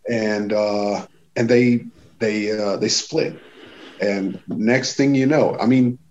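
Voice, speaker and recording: A man's voice: lowish voice, takes it slowly, lo-fi sound. Swedish-born man telling a wild story. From Sweden. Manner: animated, swearing, acts out quotes with raised voice. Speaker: touring musician telling a story. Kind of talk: casual storytelling chat.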